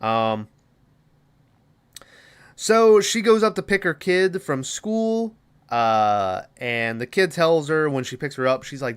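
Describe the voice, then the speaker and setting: A man's voice: fairly high pitch, expressive, slow, pauses often, clean tone. A man hosting a podcast, casually and profanely rambling through a movie plot with lots of fillers. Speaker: podcast host.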